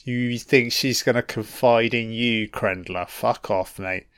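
Slow guy heckling a movie, a bit croaky, dry close mic. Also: medium pitch, steady tone, fairly bright tone, no echo. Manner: profane, talks back at the screen. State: slightly croaky throat. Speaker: film commentator. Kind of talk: casual film commentary.

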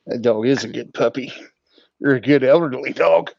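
A man's voice: medium pitch, normal speed, gravelly, a little mellow, no room sound. A man co-hosting a casual podcast, teasing the others with dry humor. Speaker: podcast co-host. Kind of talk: casual comedic chat. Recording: dull lo-fi sound.

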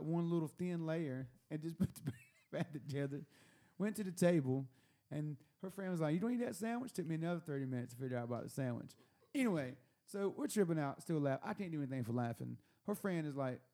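A man telling a long story at a table in casual chat, animated and laughing often, repeating words as he goes. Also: on the high side, fairly quick, hardly any pauses. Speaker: podcast host telling a story. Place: room at a table.

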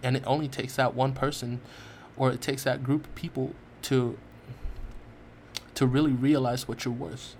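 A man's voice: mid-range voice, level tone, moderate pace, pauses often, a little mellow, a little hiss or hum. A man hosting a podcast, talking earnestly and emotionally about depression, restarting sentences often and swearing freely. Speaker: podcast host. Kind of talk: heartfelt personal monologue.

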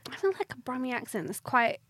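A young woman from southern England hosting a casual podcast chat, animated and giggly. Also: a little high, fast talker, breathy edge, no room sound. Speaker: podcast host.

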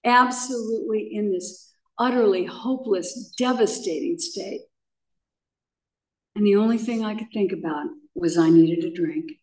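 A woman's voice: medium pitch, measured pace, a little mellow, recorded from a distance. An older woman sharing her personal recovery story at a meeting, telling it dramatically with vivid repetition. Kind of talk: personal testimony.

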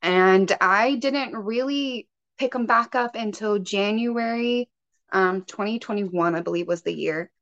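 A woman's voice: mid-range voice, a little slow, fairly bright tone. A woman guest on a podcast, a spiritual healer, telling her own story in a chatty way with many "like"s and "um"s. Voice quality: chatty, lots of "like" and "um". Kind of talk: casual personal storytelling. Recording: muffled lo-fi podcast audio.

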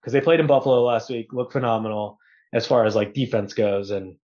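A man who is a podcast guest, talking sports in a relaxed, joking way. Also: medium pitch, a little fast, lo-fi sound. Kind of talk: casual sports chat.

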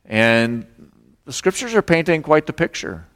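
Pastor preaching in a reverberant hall. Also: male voice, fairly high pitch, unhurried, clear, resonant tone. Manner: expressive preaching, acts out voices of God and Jonah. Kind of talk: sermon.

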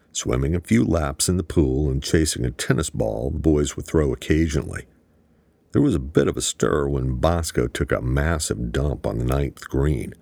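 A male audiobook narrator reads scripted narration in a very low, gravelly voice at a steady, matter-of-fact pace. The recording is dry and close.

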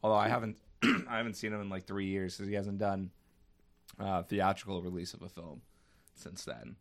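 A man's voice: low-pitched, moderate pace, creaky. A man hosting a casual podcast chat, rambling with many fillers and restarts. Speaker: podcast host.

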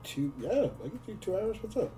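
A woman's voice: mid-range voice, very animated, a little fast, mellow, soft background music. A woman playing in a tabletop role-play, hesitant and full of fillers. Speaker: player.

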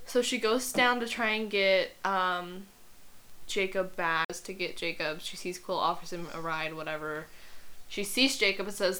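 A young woman chats through a story recap on a podcast and drops blunt asides along the way. Her voice sits a little low but sounds bright and clear. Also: fairly even intonation, normal speed. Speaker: podcast co-host. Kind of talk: casual chat, recapping a story.

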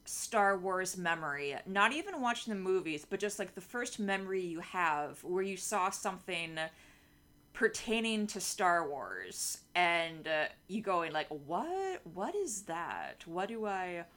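A woman in her thirties chats as co-host of a podcast. Her voice is bright and forward, and she giggles easily and fills her sentences with "like". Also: lowish voice, animated, a little slow. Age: 30s. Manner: giggly, chatty, lots of "like". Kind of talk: casual chat.

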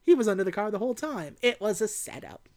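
Animated woman recapping a movie. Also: mid-range voice, quick pace. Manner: animated, acts out movie lines in mock voices. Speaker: podcast co-host. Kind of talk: casual movie recap chat.

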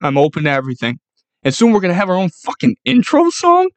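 A man's voice: high voice, wildly swooping pitch, fast, dry recording. A young man hosting his own podcast, ranting casually with lots of swearing and rowdy hype. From New York. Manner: profane, rowdy, hyped-up ranting. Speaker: podcast host. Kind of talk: casual solo podcast monologue.

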